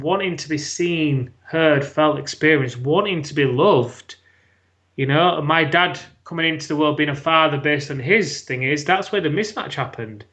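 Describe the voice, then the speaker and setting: A man's voice: fairly high pitch, a bit bright. A British man telling a personal story as a podcast guest, frank and swearing freely. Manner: frank, swears freely, acts out his own past words.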